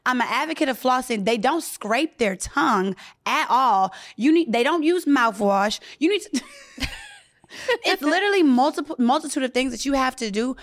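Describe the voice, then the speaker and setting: A woman's voice: high voice, moderate pace, hardly any pauses. A young woman co-hosting a podcast, telling candid, slangy stories in casual chat. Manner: animated storyteller, slangy and candid. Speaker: podcast co-host.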